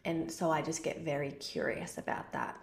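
Woman chatting about parenting, lots of "like", low gravelly voice, bit of room echo. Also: big pitch swings, moderate pace, slight background noise. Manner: chatty, many "like" fillers, acts out parent-child exchanges. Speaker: podcast host answering a listener question. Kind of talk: casual advice talk.

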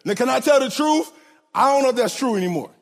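High-voiced man preaching in an echoing hall. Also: animated, fast, vocal fry. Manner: sing-song preaching cadence, stutters and repeats words. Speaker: preacher and track coach. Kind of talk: sermon. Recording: long hall reverb.

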